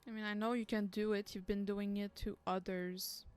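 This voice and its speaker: Flat-voiced woman, gently reassuring. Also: medium pitch, moderate pace, clean tone. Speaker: call participant. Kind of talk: voice call.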